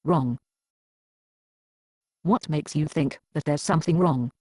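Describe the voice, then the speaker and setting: A woman's voice: deep voice, takes it slowly, dark tone, dry recording, clean studio sound. A woman playing a defensive, upset single woman. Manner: defensive, evasive. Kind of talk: amateur Bible drama acting.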